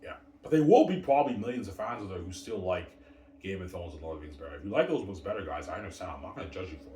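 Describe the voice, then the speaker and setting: A man's voice: deep voice, animated, racing, warm tone, a little hiss or hum. A man hosting a casual solo livestream, boasting over and over and calling out to his viewers. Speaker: livestream host. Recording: roomy, distant mic.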